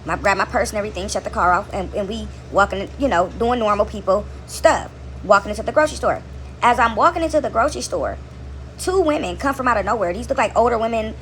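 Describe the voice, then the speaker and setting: Fast-talking woman telling a rambling story. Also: medium pitch, fairly bright tone, slight background noise. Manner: rambling, repeats words, fills with "right?". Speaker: vlogger. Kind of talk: casual storytelling to camera. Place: on a couch at home.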